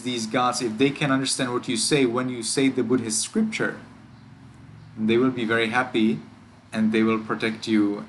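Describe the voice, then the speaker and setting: A man who is a Buddhist monk, teaching a class how to pronounce chant words and drawing each word out slowly and carefully. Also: mid-range voice, a bit bright, slight background noise, poor audio. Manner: slow, careful, demonstrates words by drawing them out.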